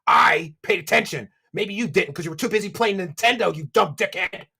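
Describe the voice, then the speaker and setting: A man's voice: high voice, fast, vocal fry, a bit bright, slightly rough. A middle-aged man ranting in angry, insulting commentary, scornful and blunt. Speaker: commentary streamer.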